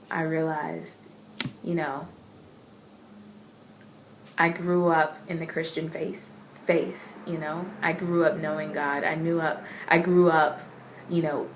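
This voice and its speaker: A young adult woman earnestly recounting a personal faith testimony, emotional and halting, with frequent repeats. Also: low voice, a little hiss or hum. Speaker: inspirational vlogger. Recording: echoey room with faint ambience.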